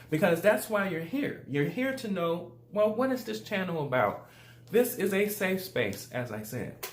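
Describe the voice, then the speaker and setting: Southern-accented male life coach, higher voice, upbeat and chatty, roomy echo. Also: slight background noise. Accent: Southern US, Louisiana. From Louisiana, USA. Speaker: life coach, channel host. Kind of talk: casual motivational talk to camera.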